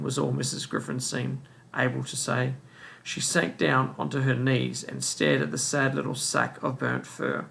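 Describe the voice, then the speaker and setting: Man reading a novel aloud, gravelly. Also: mid-range voice, steady tone, moderate pace, a bit bright. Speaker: reader.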